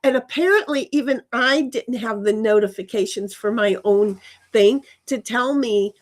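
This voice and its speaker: A woman's voice: a little high, normal speed. A woman chatting on a live stream from her backyard, reading out her chat and rambling with lots of restarts and casual swearing. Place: backyard outdoors.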